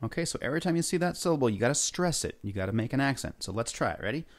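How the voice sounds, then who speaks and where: A man's voice: medium pitch, lively intonation, rapid-fire. A male music teacher leading a lesson for young kids, upbeat and coaxing them to repeat words and sing along. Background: faint guitar.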